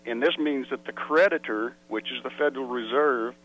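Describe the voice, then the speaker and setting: A man calls in to a radio show and explains his point earnestly, pausing on fillers as he goes. His mid-pitched voice comes through a tinny phone line with a faint hum behind it. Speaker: radio caller.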